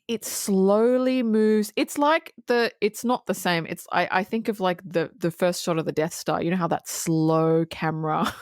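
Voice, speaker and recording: Animated, swearing woman podcast co-host. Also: mid-range voice, no echo, clean studio sound. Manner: animated, swears freely, retells scenes with quoted asides. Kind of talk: casual film review chat.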